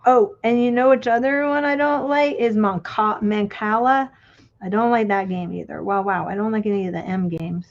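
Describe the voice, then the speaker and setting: A woman's voice: mid-range voice, fairly even intonation, normal speed, creaky. A middle-aged woman chatting casually while she crafts on a livestream, reminiscing and trailing off as she works. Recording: dull lo-fi stream audio.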